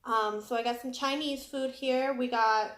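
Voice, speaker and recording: A woman's voice: high-pitched, steady tone, moderate pace, fairly bright tone, roomy sound. A young woman vlogger chatting casually and apologetically while eating on camera. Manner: chatty and apologetic, talking between bites. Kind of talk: casual eating vlog chat. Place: home room indoors.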